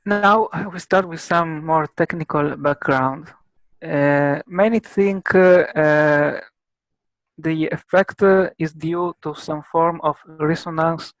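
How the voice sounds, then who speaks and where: A man with an Italian accent explaining a technical subject as a guest expert, halting often with filler sounds. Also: fairly high pitch, no room sound, poor audio. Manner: halting, many filler pauses.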